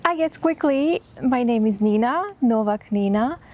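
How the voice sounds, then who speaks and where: Young female vlogger from Croatia, chatty, high voice, self-mocking. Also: lively intonation, a little slow, a little mellow, faint music behind. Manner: chatty, self-deprecating, emotional. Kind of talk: casual vlog talk to camera. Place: outdoors in a hot town.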